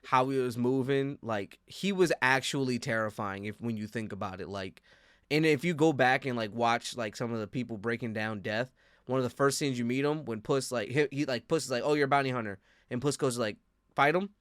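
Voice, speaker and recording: A man's voice: medium pitch, brisk, no room sound, studio quality. Laid-back man hosting a podcast. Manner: loose, rambling, heavy use of "like"; animated, teasing coaching. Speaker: podcast host. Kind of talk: casual chat.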